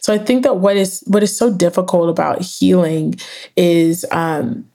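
A woman's voice: lowish voice, fairly even intonation, measured pace, mellow. A young adult woman, a therapist and author, earnestly explaining ideas in an interview and often checking in with "right?". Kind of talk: interview conversation.

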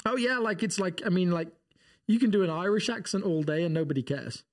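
Male pastor, podcast guest-host, fairly high voice, rambling and hesitant, lots of "like" and "um". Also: brisk. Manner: rambling, hesitant, many fillers. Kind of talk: casual chat.

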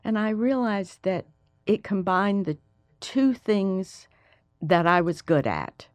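An older woman from Alabama with a Southern accent, a history professor telling wry, lively stories in an interview. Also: medium pitch, slow pace, no echo. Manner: lively, wry, animated storytelling. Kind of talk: interview, storytelling.

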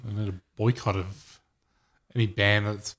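Dry-joking New Zealand podcaster. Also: male voice, fairly low pitch, unhurried. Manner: dry quips, deadpan jokes. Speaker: podcast co-host. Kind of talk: casual chat.

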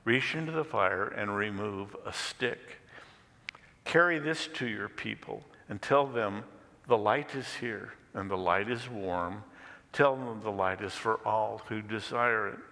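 A male preacher voicing a kindly stranger who speaks slowly and reassuringly. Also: lowish voice, bright, forceful tone, long reverb tail. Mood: gentle. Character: calm, kindly male stranger bringing fire.

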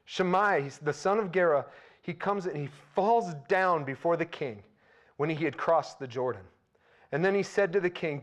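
A man preaching a sermon in a conversational way, turning animated and loud when he retells scenes. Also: a little high, normal speed, lo-fi sound.

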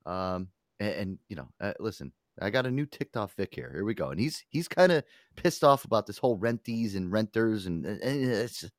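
A man's voice: fairly low pitch, sing-song, normal speed, hardly any pauses, no room sound, clean studio sound. A man hosting a podcast, chatting casually in a rambling, profane way with many fillers. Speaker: podcast host. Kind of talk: casual chat.

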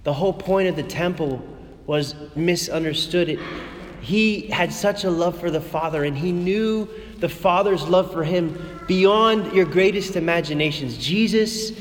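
A man preaching a sermon in a church, passionate, his voice dropping to a hush and then rising again. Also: sits high, a little slow, in a large hall, slight background noise. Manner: impassioned, swings between hushed and raised. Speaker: priest.

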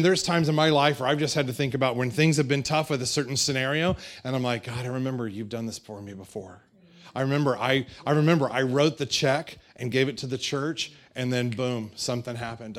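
A middle-aged man preaching from his own life as a pastor, his voice sitting in an ordinary middle pitch. He talks candidly and conversationally, stumbling over restarts and circling back as he goes. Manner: candid, rambling, with frequent restarts. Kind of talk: sermon.

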